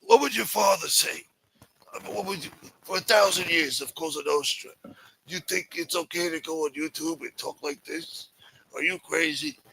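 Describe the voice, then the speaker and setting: A rambling, sentimental mob elder, as a man puts him on, pleading in a raised, bright voice. He wanders from point to point, full of old-world nostalgia. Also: normal speed, creaky, breathy edge, heavily acted, low-quality recording. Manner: higher-pitched, rambling and wheedling.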